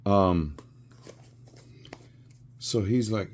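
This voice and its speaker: A man's voice: low voice, lively intonation, slow, mellow, a little hiss or hum. A man in his sixties telling a rambling story with chuckles and fillers while he works on a craft. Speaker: resin crafter.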